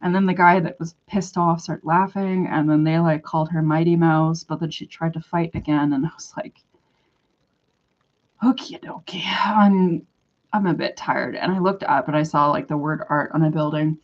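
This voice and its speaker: A young woman from western Canada telling a long personal story in a casual vlog, chatty and animated, acting out what people said. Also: low voice, a little fast, few pauses. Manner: animated, chatty, full of "like" and quoted dialogue. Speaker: vlogger. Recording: dull lo-fi recording.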